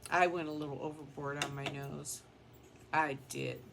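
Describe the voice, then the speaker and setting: A woman's voice: low-pitched, steady tone, normal speed, creaky, background noise. A woman beauty vlogger chatting casually and rambling in a down-to-earth way while she does her makeup at home.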